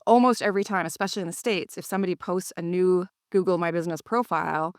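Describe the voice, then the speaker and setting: Brief: woman, lowish voice, upbeat co-host, dry close recording. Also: quick pace, no echo. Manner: upbeat, animated in anecdotes, coaching tone. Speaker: podcast co-host, cleaning business owner. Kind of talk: casual conversation.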